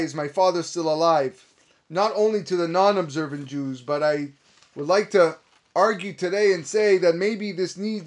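A man preaching a sermon as a rabbi, speaking with passion and dropping in Hebrew phrases. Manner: impassioned preaching, rising to emphatic high peaks.

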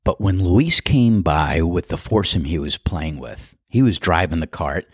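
A middle-aged man hosts a podcast and tells stories in a relaxed, chatty, amused way. His voice is very low. It is recorded on a close mic in a dry, dead space. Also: measured pace, slightly rough, dry recording. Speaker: podcast host and golf course starter. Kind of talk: storytelling monologue.

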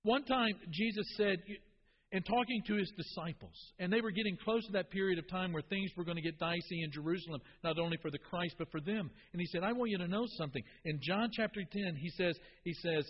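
A man's voice: high voice, brisk, slight background noise. A man preaching a sermon as a pastor, talking to the congregation in an emphatic, conversational way. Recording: dull reverberant hall recording.

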